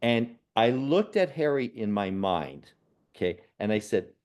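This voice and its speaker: A man, a spiritual medium and podcast guest, telling personal stories in an earnest, unhurried way. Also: lowish voice, very animated. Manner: earnest, unhurried, with soft laughs and restarts. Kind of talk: reflective personal storytelling in a podcast conversation.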